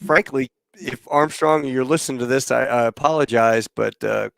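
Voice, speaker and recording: A middle-aged man hosting a casual chat, telling an old flying story in an animated way and acting out the voices of the people in it. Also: mid-range voice, moderate pace, creaky, no echo. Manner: animated storyteller who acts out quoted voices. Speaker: podcast host, former KC-130 pilot.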